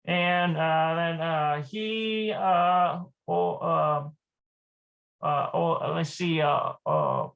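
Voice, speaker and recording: A Hebrew teacher giving a live online lesson, thinking aloud, hesitant and repeating words slowly. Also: mid-range voice, lively intonation, creaky, a bit bright, lo-fi sound.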